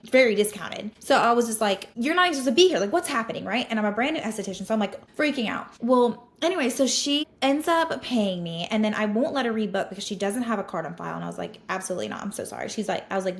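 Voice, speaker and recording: A woman, a podcast host telling a client story in a casual, animated, exasperated way with lots of "like". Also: mid-range voice, gravelly.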